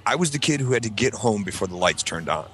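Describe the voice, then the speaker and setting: A man telling stories in a casual podcast chat, acting out shouted lines from other people with big jumps in pitch. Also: quick pace, slight background noise. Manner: animated storyteller, acts out yelled voices. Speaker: podcast panelist.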